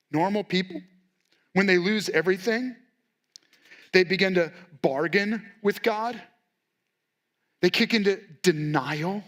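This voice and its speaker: This pastor's sermon comes in a strikingly high voice, delivered slowly with frequent pauses. Speaking in church, he keeps it candid and conversational, acting out quoted lines while talking to listeners in a relaxed, direct way.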